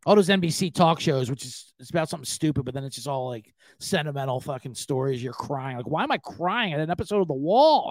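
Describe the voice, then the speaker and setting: Man, podcast host; high, lively voice, casual swearing rant. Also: fast talker, hardly any pauses, no echo. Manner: animated, profane, ranting.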